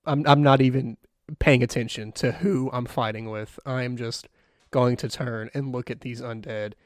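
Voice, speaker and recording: Male player, relaxed, step-by-step action calls, dry close sound. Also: medium pitch, moderate pace, no room sound. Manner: easygoing, describes actions step by step. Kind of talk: tabletop role-play chat.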